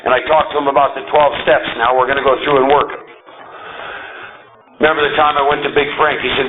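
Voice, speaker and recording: A man giving a talk to a recovery group, emphatic and animated, often checking in with the audience. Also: mid-range voice, brisk, long pauses, narrow, tinny audio, over music. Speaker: recovery meeting speaker.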